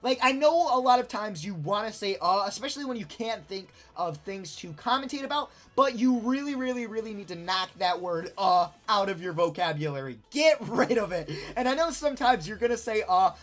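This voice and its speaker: A woman's voice: medium pitch, lively intonation, a little fast, few pauses. A woman giving casual how-to advice as a YouTube commentator, emphatic and blunt, repeating words for stress and swearing now and then.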